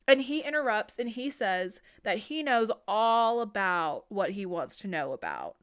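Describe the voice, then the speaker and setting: A woman's voice: medium pitch, measured pace, few pauses, clear, resonant tone. Chatty, swearing woman recapping a horror film. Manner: animated, profane, chatty. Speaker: podcast host. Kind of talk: casual movie recap.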